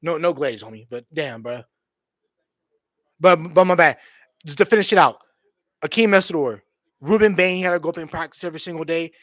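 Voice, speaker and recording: A man hosting his own live stream, reacting with loud excitement and a lot of swearing, repeating himself and calling the audience bro and homie. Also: fairly high pitch, no echo, clean studio sound. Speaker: streamer hosting a draft watch party.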